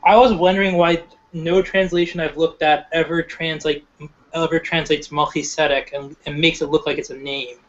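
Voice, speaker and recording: Curious guy asking questions on a muffled video call, bit high pitched. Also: little pitch movement. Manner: inquisitive, halting. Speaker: Bible study participant. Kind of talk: casual group discussion.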